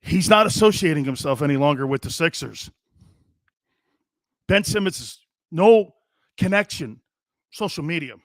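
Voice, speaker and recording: A man hosting a sports talk show, animated and joking, often laughing and slipping into other voices. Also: a little high, moderate pace, pauses often, no room sound, clean studio sound.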